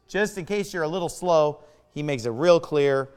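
A man pastor preaching a sermon with emphatic delivery, drawing out key words and swinging sharply between loud and soft. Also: on the high side, moderate pace, clean tone, in a large hall.

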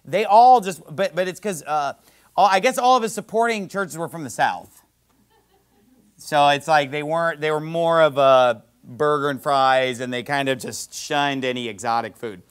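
A man from the United States, a preacher, telling a travel story in an animated way and acting out the people he quotes. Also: fairly high pitch, moderate pace, clean tone. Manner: animated, quotes others in lively voices. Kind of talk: storytelling sermon.

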